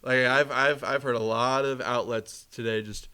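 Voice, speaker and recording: A man co-hosting a casual sports podcast, talking fast, repeating himself and jumping up in pitch when he gets worked up. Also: steady tone, pushed and bright, smooth. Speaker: podcast co-host.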